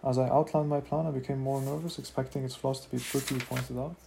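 A man's voice: medium pitch, flat delivery, fast, vocal fry, noisy background. A man reading a fantasy novel aloud in first person, as an amateur audiobook, now and then adding asides of his own. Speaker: reader of a novel.

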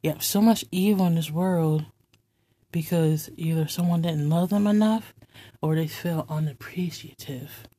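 A woman with a low, dark, husky voice delivers a heartfelt, faith-based monologue as host. She speaks slowly and earnestly, with tender passages that sink into a soft whisper. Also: no room sound. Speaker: host of an inspirational talk segment.

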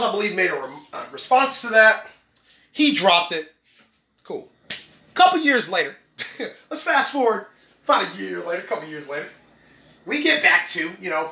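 A man's voice: high voice, bright, forceful tone, reverberant, low-quality recording. A young man hosting a podcast, talking casually and animatedly, laughing often and acting out what others said. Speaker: podcast host.

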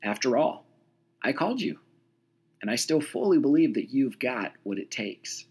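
A man voicing a patient, kind male teacher who speaks gently and reassuringly. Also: mid-range voice, big pitch swings, normal speed, slightly rough.

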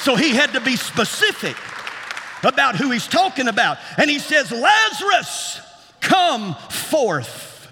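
A man preaching a sermon in a rhythmic style that climbs to shouts and repeats words for emphasis. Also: very high voice, animated, moderate pace, a faint crowd, slight background noise. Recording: long hall reverb.

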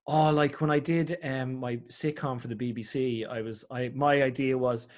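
A middle-aged Irish man chatting as a podcast guest, telling animated stories and acting out other people's voices. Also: mid-range voice, moderate pace. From Ireland. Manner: animated storyteller, acts out voices. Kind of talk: casual chat.

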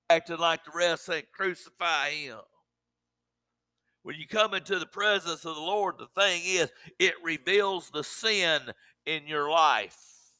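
A middle-aged male preacher with a high, bright voice, delivering a sermon that leans on repeated words and calls of amen. The sound is dry and close, with no room echo. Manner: repeats words in bursts, rising to loud exclamations.

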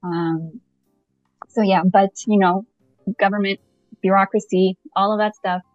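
A woman's voice: mid-range voice, fairly even intonation, measured pace, no room sound, muffled recording, soft background music. A young woman from Canada, a podcast guest, chatting casually and animatedly with many fillers. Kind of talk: casual conversation.

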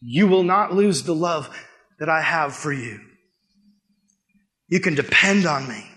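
Impassioned high-voiced preacher man. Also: expressive, measured pace. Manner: earnest, swinging from loud emphatic peaks to hushed low lines. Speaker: youth pastor. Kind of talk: sermon. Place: room with a youth group.

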